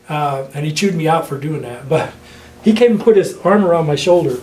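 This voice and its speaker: A man's voice: on the high side, moderate pace, a little mellow, a little hiss or hum. An older man, a veteran interviewee, rambling through stories in an oral history interview and laughing often. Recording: echoey room with faint ambience.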